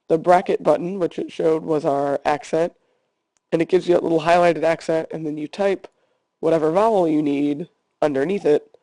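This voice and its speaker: A man who teaches Spanish, calmly talking his class through a screencast tutorial step by step. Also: a little high, dry recording. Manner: calm step-by-step instruction.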